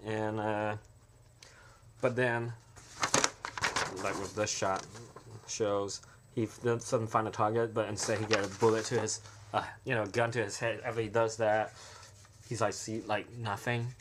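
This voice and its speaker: Low-voiced man rambling through a pitch. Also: little pitch movement, a little slow, pauses often, background noise. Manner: rambling, full of fillers and restarts. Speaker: amateur filmmaker pitching a trailer.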